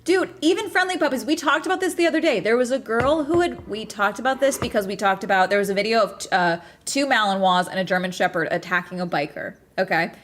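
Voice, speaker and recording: A young adult woman streaming and chatting casually, telling stories in a profane, animated way with many restarts. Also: mid-range voice, fast talker, few pauses. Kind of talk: casual livestream chat.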